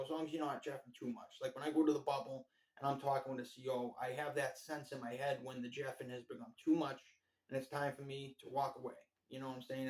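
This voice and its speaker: A man's voice: medium pitch, darkish tone, low-quality recording. A man giving a blunt, profane, rambling monologue ranking jail officers, full of filler phrases. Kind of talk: casual ranting monologue.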